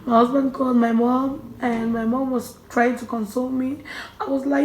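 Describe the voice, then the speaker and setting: A young woman recounting a personal story for her vlog, her fairly high voice often falling to a near murmur as she restarts sentences. She sounds emotional and halting. The room around her is echoey. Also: flat delivery. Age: young adult. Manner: emotional, halting, many restarts and soft drops in volume. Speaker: vlogger.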